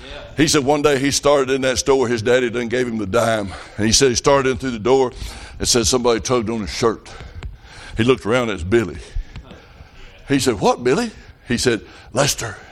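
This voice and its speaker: A man's voice: medium pitch, brisk. Fervent country preacher, man. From rural farm upbringing. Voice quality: folksy country speech, fervent and emphatic. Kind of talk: revival sermon with folksy storytelling.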